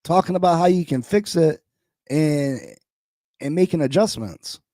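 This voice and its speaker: A man rants on a sports podcast and repeats his points in disbelief. His voice is dark and mellow. The sound is dry, with no room echo, and he keeps up a heated, incredulous edge. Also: a little high, measured pace. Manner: animated, incredulous, repeats lines for emphasis.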